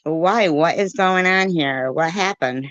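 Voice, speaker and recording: A woman's voice: lowish voice, takes it slowly, fairly bright tone, no room sound, muffled recording. A woman hosting a casual livestream, reading the live chat aloud, confused and pleading with her chatters, often laughing. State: dry mouth.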